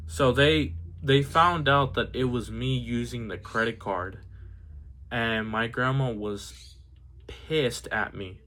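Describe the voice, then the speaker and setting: A man's voice: medium pitch, takes it slowly, pushed and bright. A young man telling a personal story in a casual, rambling way, full of "like" and "dude". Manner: rambling, filler-heavy, says "like" and "dude" a lot. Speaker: vlogger.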